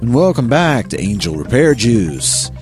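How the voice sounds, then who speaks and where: A man co-hosting a podcast in casual chat, jokey and animated, stumbling over words now and then. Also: medium pitch, measured pace, over loud music. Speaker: podcast co-host.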